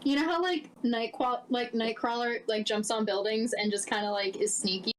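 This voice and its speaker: A woman's voice: on the high side, steady tone, normal speed, low-quality recording. A woman playing a tabletop game, chatty and giggly. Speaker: player. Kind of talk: casual tabletop play.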